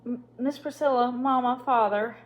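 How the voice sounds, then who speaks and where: A woman's voice: mid-range voice, brisk, dull audio, close to an everyday voice. A woman reader voicing a polite young girl who pleads in a shaky voice. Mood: pleading. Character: anxious well-mannered young girl pleading.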